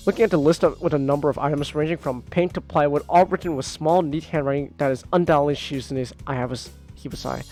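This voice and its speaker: A man's voice: on the high side, quick pace, hardly any pauses, soft background music. A man streaming a visual novel, reading the narration aloud and chatting casually, repeating himself as he goes. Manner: rambling and animated, repeats words.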